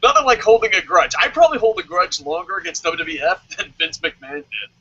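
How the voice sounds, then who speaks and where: Animated breathy man hosting a show. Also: high voice, fairly quick, highs cut off. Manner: animated, swearing, jokey with sung sound effects. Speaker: podcast host. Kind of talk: casual chat. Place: lives in Japan.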